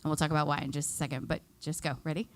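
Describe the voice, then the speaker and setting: A woman's voice: deep voice, level tone, very fast. A woman giving a live workshop to seniors, chatty and upbeat, leading the group through exercises and laughing often. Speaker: extension educator.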